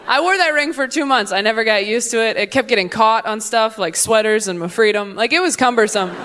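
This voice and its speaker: A woman's voice: a little high, fairly quick, hardly any pauses, noisy background. Punchy sardonic woman comedian. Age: 30s. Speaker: stand-up comedian. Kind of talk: stand-up comedy set.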